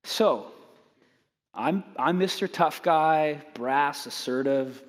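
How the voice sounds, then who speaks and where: A man with a high voice preaches a sermon through humorous, self-mocking stories and acts out the people in them. His delivery is animated. The sound carries a long reverb from the hall. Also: slow. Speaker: pastor.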